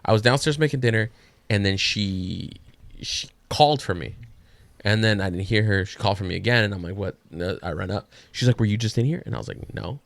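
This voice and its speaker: A man's voice: fairly low pitch, a little fast, vocal fry, no room sound. A man co-hosting a podcast, telling a casual story with laid-back swearing.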